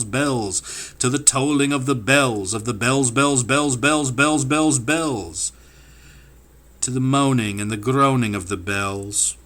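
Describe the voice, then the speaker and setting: With a bright, forceful medium-pitched voice, a man reads classic poems for an audiobook. His delivery is dramatic, rhythmic and incantatory, sweeping up and down.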